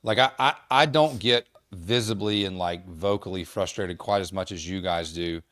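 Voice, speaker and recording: A man co-hosting a podcast, talking in a measured, wry way and steering clear of swearing. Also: low-pitched, a bit bright, no echo, clean studio sound. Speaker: podcast co-host. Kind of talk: casual chat.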